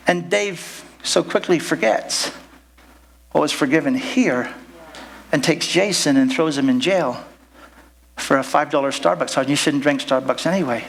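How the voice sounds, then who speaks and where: A male pastor preaching to his congregation, wandering off into jokes and asides and cutting himself off. His voice sits somewhat high for a man, with a faint hiss in the background. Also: gravelly. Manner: rambling, jokey, with asides and self-interruptions. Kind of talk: sermon. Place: church service.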